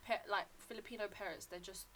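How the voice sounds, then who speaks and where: A young woman speaking in a mid-pitched voice, blunt and full of jokes. The murmur of a crowd carries clearly behind her. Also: steady tone, fast. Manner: blunt, joking. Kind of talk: casual chat.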